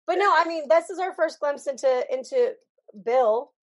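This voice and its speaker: A woman's voice: high-pitched, moderate pace. A woman co-hosting a podcast in casual chat, rambling and searching for words. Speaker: podcast co-host.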